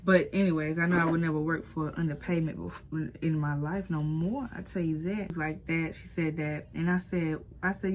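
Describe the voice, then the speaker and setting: A young woman tells a storytime straight to her viewers, her voice sitting a little low. She keeps calling them y'all and acts out what other people said. A faint hiss runs under the recording. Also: moderate pace, hardly any pauses. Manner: animated, addresses viewers as y'all, acts out quotes. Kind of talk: casual storytime vlog.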